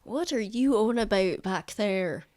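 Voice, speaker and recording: A woman running a tabletop game as game master, casual and rambling and leaning on um and like. She talks at an ordinary pitch for a woman. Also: lively intonation, measured pace, a little mellow. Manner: rambling, many fillers, casual.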